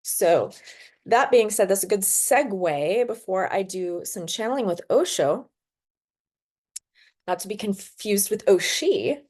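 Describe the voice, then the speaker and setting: A woman hosting a spiritual podcast, telling stories in a chatty way full of fillers and quick laughs. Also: medium pitch, darkish tone. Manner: chatty storyteller, filler-heavy, laughs often. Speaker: podcast host. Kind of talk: casual spiritual podcast monologue.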